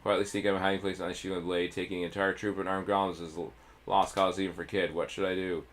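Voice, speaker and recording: A man's voice: deep voice, flat delivery, fast, slight background noise. A man streaming a text adventure, reading it aloud with stumbles and offhand asides.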